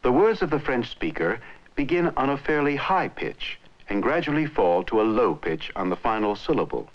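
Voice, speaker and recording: A man narrating an educational film in a clear, measured way. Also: medium pitch, big pitch swings. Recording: muffled old film soundtrack.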